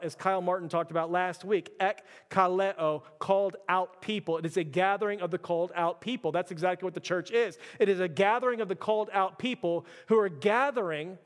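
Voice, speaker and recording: A male pastor preaching a passionate sermon, repeating himself for emphasis, with frequent "like" and addressing the congregation as church. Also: high voice. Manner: passionate, repetitive, keeps addressing "church" and saying "like". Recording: long reverb of a large hall.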